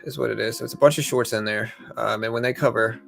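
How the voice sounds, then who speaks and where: Brief: young male stream host, rapid-fire patter, gravelly edge, faint music behind. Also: medium pitch, fairly even intonation, fairly bright tone. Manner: fast, chatty, gravelly delivery with quick ad reads. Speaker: trading livestream host. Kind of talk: live market commentary.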